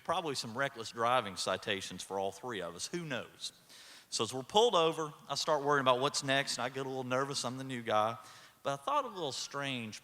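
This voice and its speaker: Male keynote speaker, folksy humor, bright tone, echoey hall, podium mic. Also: medium pitch. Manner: folksy storytelling with dry humor. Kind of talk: humorous commencement speech. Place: large ceremony hall.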